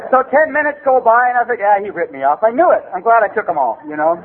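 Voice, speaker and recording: A man's voice: high voice, animated, fast talker. A middle-aged man from the Los Angeles area telling a comic personal story at a recovery meeting, rambling loosely and dropping "man" and "you know" everywhere. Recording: tinny phone-like recording with faint hiss.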